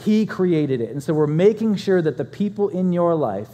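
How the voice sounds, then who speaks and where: A male pastor preaching a conversational sermon, telling stories with animated swings in loudness. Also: high voice, normal speed, in a large hall.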